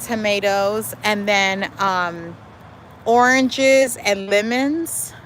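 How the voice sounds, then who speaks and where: Woman, casual backyard live stream, lively chatty talk, says y'all, faint outdoor traffic noise. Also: medium pitch, drawn-out words, rough recording. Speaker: livestream host. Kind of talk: casual live chat reading viewer comments.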